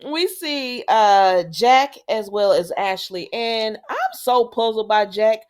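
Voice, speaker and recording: A woman's voice: a little high, slow, smooth. A woman in a casual, chatty recap who talks straight to her viewers. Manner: chatty, conversational, acts out characters' lines while retelling. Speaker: soap opera recap host.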